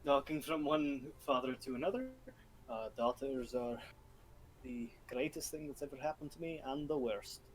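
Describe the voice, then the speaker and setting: A man's voice: medium pitch, fairly even intonation, normal speed, slight background noise, natural voice, poor audio. A man voicing a weary middle-aged convoy leader who is a devoted father, speaking in a dry, matter-of-fact way. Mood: earnest.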